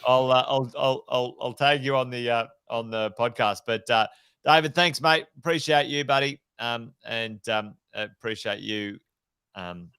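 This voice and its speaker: A man co-hosting a finance podcast, easygoing and quick to laugh. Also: mid-range voice, fairly even intonation, bright, forceful tone, smooth, dry recording. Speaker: podcast co-host. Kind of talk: casual finance chat.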